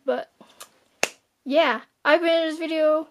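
A woman's voice: high voice, takes it slowly, long pauses. A young woman chatting casually while unboxing an album, gushing, giggling and gasping between remarks. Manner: gushing, giggly, with sudden gasps and squeals. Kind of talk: excited casual unboxing chat.

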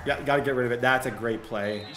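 A young man giving excitable commentary while playing a football video game, often bursting into loud shouts over big plays. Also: mid-range voice, fast, crowd noise. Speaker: gaming YouTuber. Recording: echoey room with game music behind.

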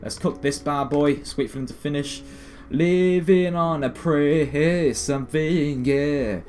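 A man's voice: fairly high pitch, a little mellow. A British man in his late teens, rambling and self-mocking through gameplay commentary. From Britain. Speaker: gaming video host.

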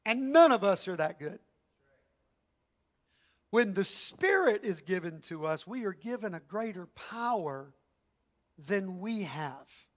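A man preaching a sermon in an animated, emphatic, conversational way. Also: high-pitched, slow pace, pauses often.

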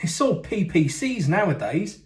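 Man playing an overfamiliar, rambling workman, pitched up high and bouncy. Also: big pitch swings, measured pace, echoey room. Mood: nattering. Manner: rambling, overfamiliar, keeps asking questions. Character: nosy, boorish middle-aged male repair engineer. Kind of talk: sketch comedy acting.

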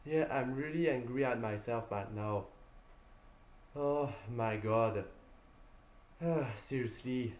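A man streams a video game and chats casually with his viewers, his mid-range voice slow, darkish, and full of pauses. Exasperated, he sighs and repeats himself as he vents, and the recording has a roomy echo.

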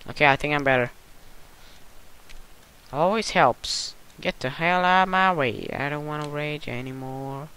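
A gameplay commentator in casual, goofy play-by-play who squeals and yells at jumps and mutters between them. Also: medium pitch, lively intonation, slow, smooth, rough recording.

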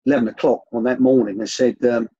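An older man, a former youth coach, telling rambling anecdotes with many restarts in a relaxed interview. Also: medium pitch, quick pace, creaky, breathy edge, no room sound, muffled recording.

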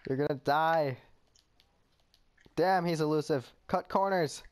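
A man's voice: a little high, takes it slowly, slight background noise. A man bantering with friends during a game, laughing often and swearing in playful threats. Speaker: gamer playing with friends. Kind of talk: casual gameplay banter.

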